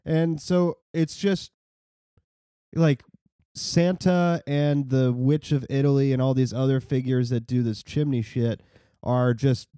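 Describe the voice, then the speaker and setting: A man co-hosting a casual comedy chat, tossing in deadpan jokes and quick asides. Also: medium pitch, clear, resonant tone, dry recording, studio quality. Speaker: podcast co-host.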